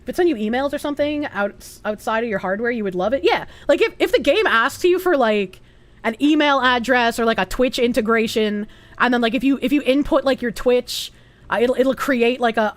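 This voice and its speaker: A woman's voice: fairly high pitch, dry recording. A woman streamer chatting casually, answering viewer chat aloud and swearing freely.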